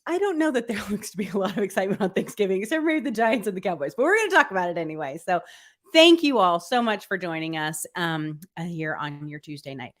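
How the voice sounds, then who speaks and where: A woman's voice: mid-range voice, expressive, quick pace. Chatty woman podcast co-host. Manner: chatty, upbeat, many fillers. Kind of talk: casual live-stream chat.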